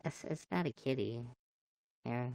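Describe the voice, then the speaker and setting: A playful woman chatting on a livestream and greeting viewers by name. Her voice is very low for a woman, and she talks at an unhurried pace in a dry, close sound. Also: lively intonation, creaky, a little mellow, smooth, no echo. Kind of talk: casual live chat with viewers.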